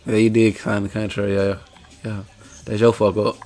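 A man co-hosting a casual podcast chat, making quick, teasing, slangy remarks. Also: on the low side, level tone, darkish tone, faint music behind. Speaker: podcast co-host.

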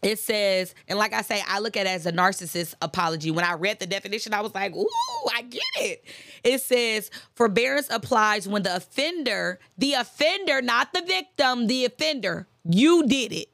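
A woman's voice: medium pitch, animated, moderate pace, creaky, fairly bright tone, no echo, clean studio sound. A woman hosting a casual faith-based talk on forgiveness, chatty and emphatic, repeating phrases for emphasis and breaking into preachy asides. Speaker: host.

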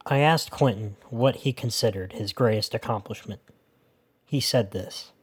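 A man hosting a podcast, reading his narration in a sincere, measured way. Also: on the low side, slightly rough. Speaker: podcast host.

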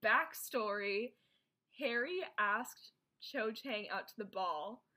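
A woman's voice: mid-range voice, takes it slowly, bright, forceful tone. A woman casually recapping a movie plot as a co-host, rambling with lots of filler words. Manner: rambling, filler-heavy storytelling with many "like"s. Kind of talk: casual chat.

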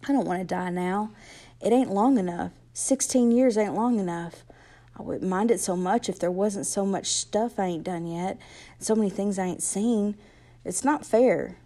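A woman reading aloud, voicing an injured, frightened teenage boy who talks in halting slang. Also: medium pitch, mellow, close to an everyday voice. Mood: scared. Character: scared injured teenage boy, bitter and gentle.

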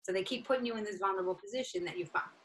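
A woman comedian telling a story in casual chat, animated and profane, acting out each side of it. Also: medium pitch, rapid-fire, a little hiss or hum. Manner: animated, profane, acts out both sides of a story. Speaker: stand-up comedian, guest.

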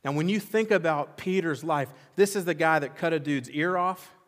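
A pastor preaching a sermon with impassioned, emphatic repetition, swinging between loud exclamations and quiet intensity. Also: male voice, a little high, normal speed. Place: church sanctuary. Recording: long reverb of a large church hall.

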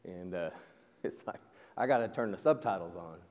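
Low-voiced male preacher in a hall. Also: animated, normal speed, darkish tone. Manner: conversational, with repeated restarts and direct questions to the listeners. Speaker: pastor. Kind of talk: sermon. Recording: long echo of a large hall.

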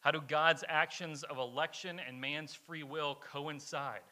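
A male pastor delivers a sermon in a very bright, ringing voice set a little high. He speaks earnestly and with emphasis, often repeating key lines for weight. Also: steady tone, measured pace. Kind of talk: sermon, question and answer. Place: church, streamed live.

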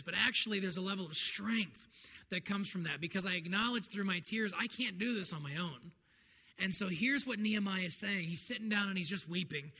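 A man's voice: high voice, bright, forceful tone. A man, a pastor, preaching a sermon to his congregation in an earnest, conversational way. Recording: long hall reverb, faint noise.

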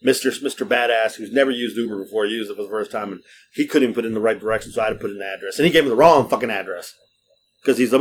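A man's voice: lowish voice, very fast. A middle-aged man hosting a podcast, telling rambling stories in casual, profane chat. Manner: profane, lively storytelling. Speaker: podcast host. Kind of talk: casual storytelling.

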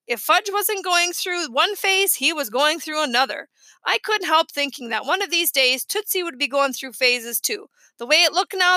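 A woman narrating a first-person children's audiobook in a lively, expressive storytelling manner, recorded close on the mic. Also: high-pitched, no room sound.

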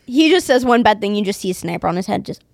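A woman's voice: mid-range voice, expressive, fast talker, creaky, darkish tone, a little hiss or hum. A woman as a podcast guest, chatting casually in a blunt, sarcastic way and swearing freely. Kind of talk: casual chat.

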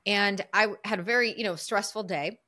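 Middle-aged woman, podcast guest, earnest storyteller, medium pitch. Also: moderate pace. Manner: lively, earnest storyteller who acts out her own inner voice.

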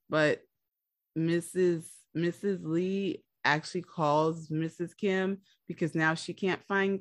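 A woman's voice: fairly low pitch, no echo, studio quality. A woman co-hosting a podcast, telling a story in casual chat and acting out the people she quotes. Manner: animated storyteller, acts out quotes. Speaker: podcast co-host recapping a drama series.

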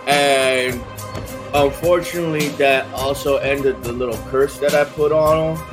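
A man recapping a tabletop game session in slangy bro-speak, swearing constantly and filling every pause with "like". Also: mid-range voice, fairly even intonation, over music. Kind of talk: casual in-character session recap.

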